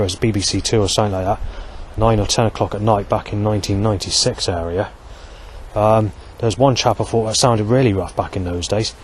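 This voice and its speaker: Outdoors, against loud street and traffic noise, a middle-aged male vlogger talks in a low voice. His rambling monologue wanders from point to point, and he keeps stumbling, restarting sentences, and casually swearing.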